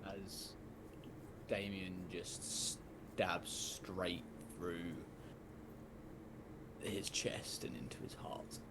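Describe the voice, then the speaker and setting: A man's voice: low voice, flat delivery, drawn-out words, long pauses, heavy background noise. A man running a tabletop role-playing game as game master, narrating bluntly and teasing his players.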